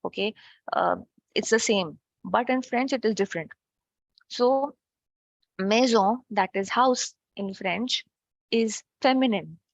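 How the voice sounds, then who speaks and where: A woman's voice: medium pitch, a little slow, creaky, no room sound. A woman teaching French in an online class, explaining step by step and checking in with "okay" often. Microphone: video call. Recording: dull lo-fi online call audio.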